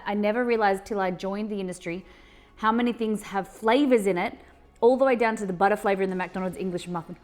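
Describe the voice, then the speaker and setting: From her home kitchen, a woman hosts a live cooking stream, chatting and rambling casually with plenty of fillers and restarts. Her voice is mid-range and a bit bright.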